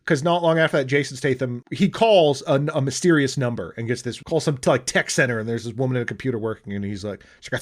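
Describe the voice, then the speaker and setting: This man's voice sits in the mid range, and he talks quickly with few pauses. He's co-hosting a podcast, loosely chatting about a film, rambling with plenty of fillers, false starts and the odd curse thrown in.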